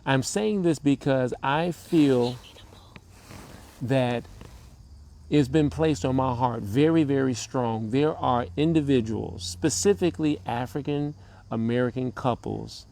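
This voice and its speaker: A man co-hosting a relationship talk show, speaking in a measured, preacher-like cadence with long pauses. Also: medium pitch, creaky, dark tone. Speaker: co-host, relationship coach. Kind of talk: slow motivational talk.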